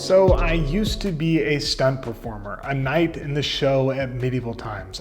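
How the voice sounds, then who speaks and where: A man in his thirties telling his career story in a relaxed, chatty way, full of fillers and asides. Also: mid-range voice. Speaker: content marketing coach. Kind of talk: casual storytelling to camera.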